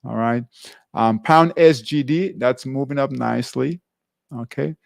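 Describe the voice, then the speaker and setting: A man hosting a live trading class, stepping through currency pair charts in a halting way and filling the gaps with "all right". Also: mid-range voice, gravelly, no echo, studio quality. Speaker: trading show host.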